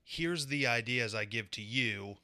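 A young man co-hosting a podcast, explaining a topic in relaxed, offhand casual chat. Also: mid-range voice, measured pace, clear, resonant tone. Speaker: podcast co-host presenting a segment.

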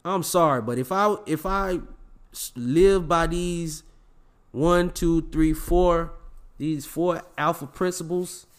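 A man's voice: on the high side, slow. A man in his forties hosting a podcast, giving emphatic, preachy life advice in casual slang and repeating lines for effect. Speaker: podcast host. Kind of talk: motivational casual podcast talk.

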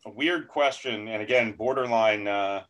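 A man's voice: fairly low pitch, normal speed, a bit bright. An American man hosting a podcast interview over a remote call, talking casually with frequent restarts and stammers. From United States. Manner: hesitant, many restarts and stammers. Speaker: podcast host.

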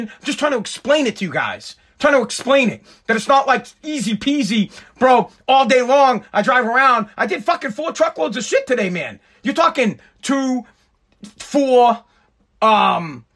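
A man's voice: very high voice, bright, forceful tone, slightly rough. A man in his thirties hosting his own podcast, ranting in a profane, exasperated and rambling way. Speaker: podcast host. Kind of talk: solo podcast rant.

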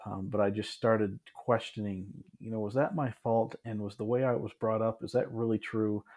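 With a lowish, darkish voice, a steady tone, and normal speed, a Michigan man in his thirties talks as a podcast guest. He shares his story casually and reflectively, frequently starting over and tossing in asides.

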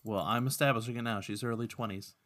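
A man's voice: mid-range voice, fast, fairly bright tone. A man narrating a tabletop game as game master, in a casual, joking way.

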